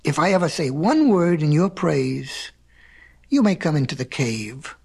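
A man's voice: on the high side, big pitch swings, measured pace, creaky, a little mellow, husky, heavily acted. A man voicing a wise, mocking cave woman who sets the terms in a storybook reading. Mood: bargaining. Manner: mocking, commanding.

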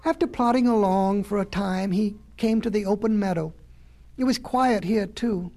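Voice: medium pitch, moderate pace, warm tone. A storyteller reading a children's animal tale in a folksy way, with chatty asides to the listener.

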